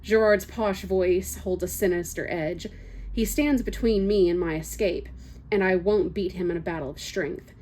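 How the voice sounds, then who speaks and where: A woman's voice: fairly low pitch, normal speed, mellow, slight background noise. A woman reading a first-person novel excerpt aloud, with small slips and casual asides. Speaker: book reader.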